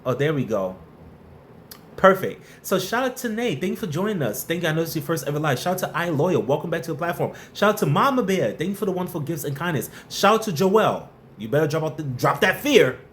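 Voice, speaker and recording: A man hosting a live stream, chatting casually, giving viewers shout-outs and blunt, tough-love workplace advice. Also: a little high, big pitch swings, fast, a little hiss or hum.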